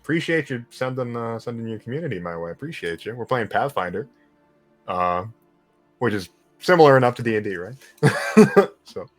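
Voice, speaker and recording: A man's voice: medium pitch, big pitch swings, moderate pace, faint music behind. A man running a live-streamed tabletop game as game master, casual and joking and swearing freely.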